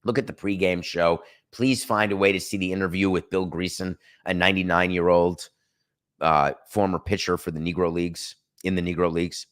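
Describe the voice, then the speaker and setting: A man's voice: sits low, steady tone, a little fast, a bit bright. A middle-aged man hosting a sports talk show, ranting in an opinionated, sarcastic monologue. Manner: sarcastic, emphatic, rants with mock quotes.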